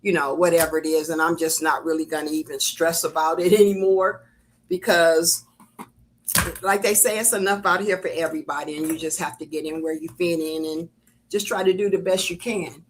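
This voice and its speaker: An older woman with a low voice talks loosely through a crafting live stream, wandering between thoughts and filling pauses with ums and uhs. She sounds like she is at home in her craft room, speaking into a webcam setup. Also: fairly even intonation, a little hiss or hum. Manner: chatty and rambling, with many ums and uhs. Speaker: crafting channel host. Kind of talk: casual live-stream chat. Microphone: computer webcam setup.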